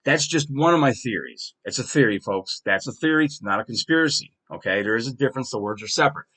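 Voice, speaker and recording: A man's voice: mid-range voice, animated, quick pace, pushed and bright. A man hosting his own podcast, delivering a heated, profane solo monologue with strong emphasis. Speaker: podcast host.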